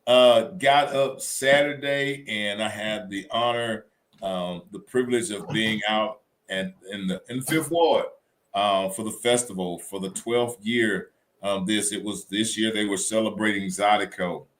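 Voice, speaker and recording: A man co-hosting a casual chat show, telling weekend stories in an animated, colloquial way. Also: on the low side, a little slow. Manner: animated storytelling, Southern colloquial. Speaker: co-host.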